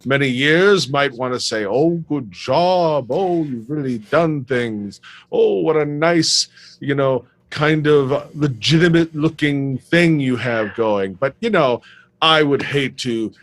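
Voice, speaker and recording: A man's voice: medium pitch, animated, a little slow, fairly bright tone, dry recording. A man voicing a sardonic older woman crime boss, dry and mocking in a blunt way.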